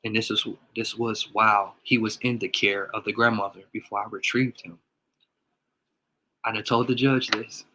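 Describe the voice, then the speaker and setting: A man with a low-set voice that has a sharp, bright edge delivers an emotional casual vlog monologue. His voice is raspy and crackles, and he stumbles and repeats words as he talks. The feeling is of a father speaking openly to his followers. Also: little pitch movement, normal speed.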